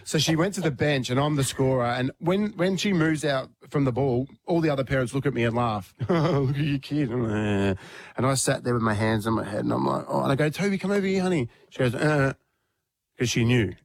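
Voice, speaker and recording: A man's voice: mid-range voice, fairly quick, vocal fry. A man, hosting morning radio and telling a funny family story while acting out the voices. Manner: acts out the voices in his stories. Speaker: radio host.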